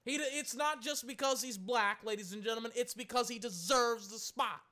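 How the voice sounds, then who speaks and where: Brief: high, bright male sports commentator, exasperated solo rant, keeps correcting himself. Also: brisk, few pauses.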